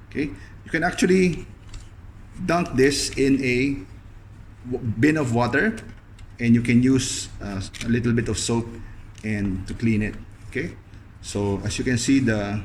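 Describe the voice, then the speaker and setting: A young man talking through a hands-on cleaning demonstration in a loose, casual way, leaning on a steady stream of "okay" between steps. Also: mid-range voice, a little hiss or hum. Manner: loose, fills pauses with frequent "okay". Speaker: video host demonstrating appliance upkeep.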